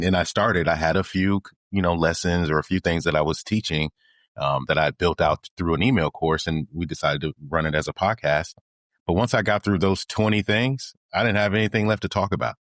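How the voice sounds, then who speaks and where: A man hosting a podcast, telling stories casually and acting out the conversations he recounts. His voice is notably low. The recording is dry, with no room echo. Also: fairly bright tone. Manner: storytelling, quotes past conversations, many restarts. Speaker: podcast host.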